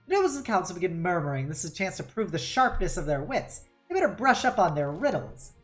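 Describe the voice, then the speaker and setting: Lively playful woman streamer. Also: lowish voice, fairly quick, faint music behind. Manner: playful, laughs often, mock-dramatic reading. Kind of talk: live game stream, reading game text aloud.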